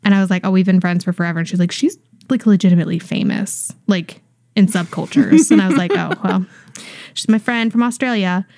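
A woman's voice: mid-range voice, brisk, a little mellow, dry recording, studio quality. A woman co-hosting a podcast, talking casually with lots of fillers. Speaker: podcast co-host. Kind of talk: casual chat.

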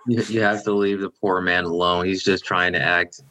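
Low-voiced guy guesting on a podcast, bright edge to his voice, stumbles and restarts a lot. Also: little pitch movement, moderate pace, a little hiss or hum, poor audio. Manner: hesitant, with many stammered restarts. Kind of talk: casual podcast chat.

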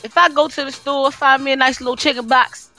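A woman's voice: high voice, brisk, faint music behind. Exasperated woman ranting. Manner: exasperated, animated complaining. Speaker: co-host. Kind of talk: casual rant.

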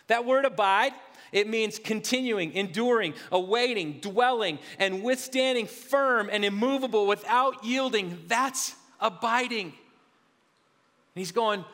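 A man's voice: high voice, unhurried, a bit bright. A male pastor preaching a sermon in an earnest, confessional way, often restarting and repeating his words. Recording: hall reverb.

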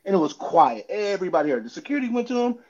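A man talking in a casual chat, telling stories in an animated way and acting out hecklers. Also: racing, dull audio. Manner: animated storytelling, acts out hecklers with big pitch jumps. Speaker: podcast host, former outfielder.

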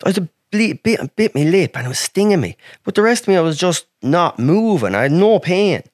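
A man's voice: high-pitched, sing-song, fairly quick, darkish tone, no room sound, studio quality. An Irish man telling a long personal story as a podcast guest, rambling and swearing freely. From Ireland. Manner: rambling, heavy swearing, frequent restarts. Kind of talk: casual storytelling.

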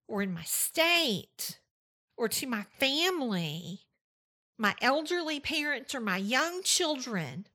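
A woman's voice: sits high, pushed and bright. A woman with a Southern US accent hosting a faith-based podcast monologue, emphatic and fond of repeating phrases for effect. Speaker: podcast host.

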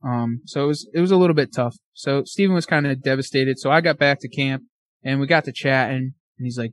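A man telling a hunting story as a podcast guest, animated, acting out his own and his friend's words. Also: mid-range voice, fairly quick, dry recording.

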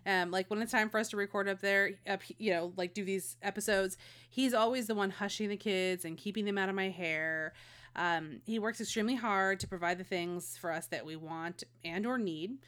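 A woman's voice: medium pitch, moderate pace, fairly bright tone, clean tone. A woman in her forties co-hosting a podcast, talking in a casual, rambling way with lots of fillers. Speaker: podcast co-host. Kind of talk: casual chat.

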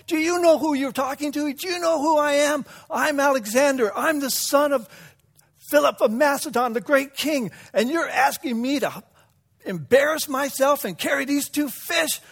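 A man voicing a proud, hot-headed young prince who pleads eagerly and then shouts in indignation. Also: extremely high pitch, slow, vocal fry, hardly any pauses, voice pushed up, heavily acted. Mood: indignant. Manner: indignant, pleading, loud outbursts.

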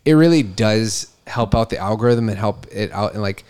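Low-voiced halting man podcast co-host. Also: darkish tone, smooth. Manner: halting, restarts often, rises when emphatic. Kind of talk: casual faith talk.

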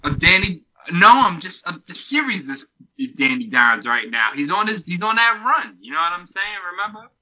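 Hyped-up male co-host, slangy and excitable, very bright voice that swings around a lot. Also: high voice, moderate pace, hardly any pauses, rough recording. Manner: excitable, slangy hype talk. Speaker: podcast co-host. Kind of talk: casual comic book discussion.

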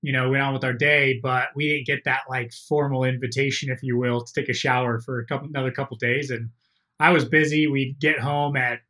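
A man, a podcast guest, telling an animated story in casual conversation. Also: medium pitch, fairly quick. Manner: animated, laughing through a funny story.

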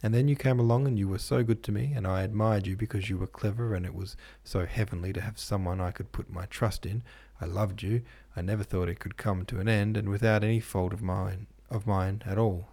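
A man reading the part of a hurt young woman pleading with the man she loves, in a soft, earnest voice. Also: lowish voice, fairly even intonation, brisk, hardly any pauses. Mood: tearful.

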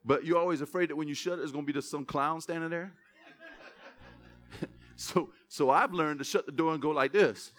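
A male pastor preaching to his congregation in a lively way, breaking up scripture readings with playful jokes. His voice sits high for a man and has a bright, ringing edge. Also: brisk, pauses often. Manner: lively, joking asides to the congregation. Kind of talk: sermon.

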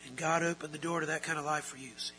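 A pastor delivering an earnest sermon in a high, piercingly bright voice. He poses rhetorical questions to the congregation and climbs into loud, forceful passages. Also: fairly even intonation, fast talker, slight background noise, poor audio. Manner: earnest preaching, rising to loud emphatic stretches; asks the audience rhetorical questions. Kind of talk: expository sermon.

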